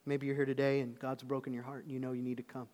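A man preaching a sermon, telling stories with lively swings between loud calls and hushed asides. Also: mid-range voice, fast talker. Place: church auditorium. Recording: long reverb of a large hall.

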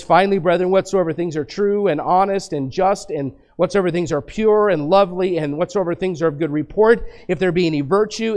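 Man, pastor, sermon, high voice, middle-aged, emphatic rhetorical questions. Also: darkish tone. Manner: preaching with rhetorical questions, dropping low then rising emphatic.

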